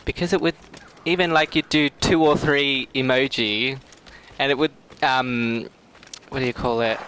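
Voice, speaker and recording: Middle aged guy streaming a game, giggly and chatty, slow easygoing talk, bright voice. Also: medium pitch, steady tone, slight background noise. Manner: giggly, breaks into fits of laughter; chatty, talks to chat viewers. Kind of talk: casual gameplay livestream chat.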